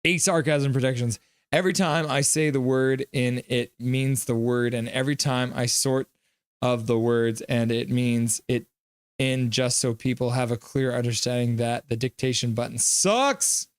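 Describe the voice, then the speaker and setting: A man hosts a live hockey reaction stream in a chatty, joking way, reading viewers' messages aloud and breaking into quick play-by-play calls. His voice is smooth and clear, pitched in a middle range, and it sounds dry and close with no room echo.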